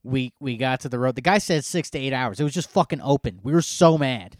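A man's voice: mid-range voice, expressive, brisk, dry recording, studio quality. A man co-hosting a podcast in casual chat, telling a story with lots of swearing and rants. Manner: profane, ranting storyteller. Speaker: podcast co-host.

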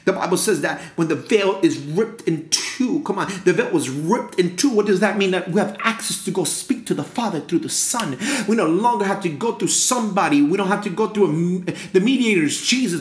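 A man's voice: sits high, roomy sound. A man preaching a fervent sermon with a repetitive, rhythmic cadence.

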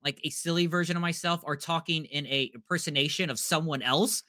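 A man's voice: on the high side, steady tone, brisk, sharp tone. A man co-hosting a podcast, asking playful, teasing questions in casual chat. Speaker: podcast co-host.

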